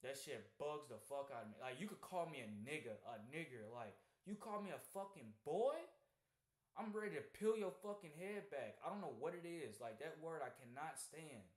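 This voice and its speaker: A man's voice: on the high side, expressive, normal speed. A young man chatting casually on a call and telling stories with heavy slang and swearing. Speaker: trading streamer. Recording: echoey room.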